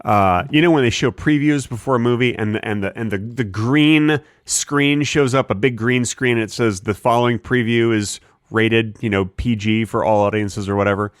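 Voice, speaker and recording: A man co-hosting a comedy podcast in casual chat, delivering mock-serious jokes with a deadpan touch. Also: medium pitch, normal speed, hardly any pauses, no room sound, studio quality. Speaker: podcast co-host.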